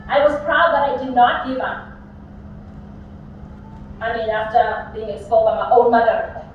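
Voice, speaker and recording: A young South African woman with a high, slightly mellow voice delivers a commencement speech packed with funny personal anecdotes in a large graduation venue. The mic is distant, the hall echoes, and the sound is dull with a little hiss or hum.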